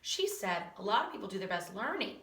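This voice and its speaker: A woman teacher reading a children's book aloud in an animated way, with chatty asides. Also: mid-range voice, brisk. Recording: roomy echo, distant from mic.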